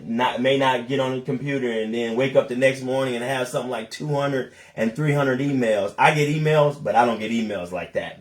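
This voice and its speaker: A man, a couples and personal development coach, talking casually and earnestly on a podcast. He reflects out loud and asks himself questions as he goes. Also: mid-range voice.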